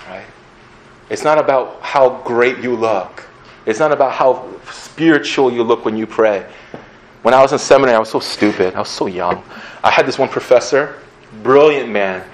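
A male pastor preaches in a relaxed, conversational way and stays earnest throughout. His voice sits at an average pitch, with a faint hiss of noise behind it. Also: poor audio. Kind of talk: sermon.

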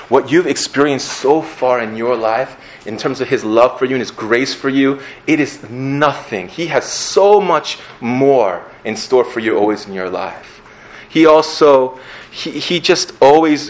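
A man's voice: mid-range voice, slight background noise, low-quality recording. A young man giving a casual, conversational sermon as a pastor, playfully acting out little scenes.

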